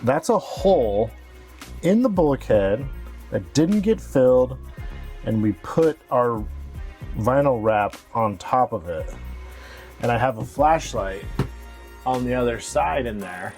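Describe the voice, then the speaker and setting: Slow-talking man narrating a boat repair. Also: mid-range voice, expressive, a little mellow, soft background music. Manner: thinking aloud, chuckling, trailing off. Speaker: boat owner and vlog host. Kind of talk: casual DIY narration. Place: inside a sailboat cabin.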